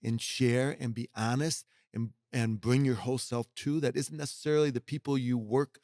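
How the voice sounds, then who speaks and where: A man's voice: mid-range voice, fairly even intonation, moderate pace, darkish tone, dry recording, clean studio sound. A middle-aged man speaking as a podcast guest, emphatic and folksy, now and then acting out what other people say. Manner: emphatic, folksy, acts out quoted voices. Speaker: guest executive mentor. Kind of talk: podcast conversation.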